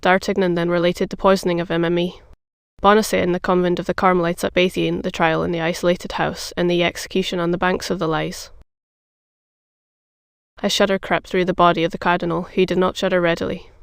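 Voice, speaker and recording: A narrator reads a classic adventure novel in an even, measured voice with a gravelly edge. The delivery stays flat and smooth. The sound is dry and close, with no room around it. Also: medium pitch, no echo. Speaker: audiobook narrator. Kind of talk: scripted narration.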